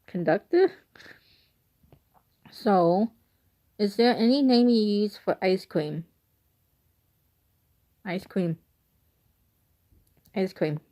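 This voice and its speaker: A woman with an Illinois accent, filming a casual accent-tag vlog to camera. Her voice is mellow and soft-edged. She rambles in a chatty way and drops in giggly asides. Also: mid-range voice. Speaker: vlogger.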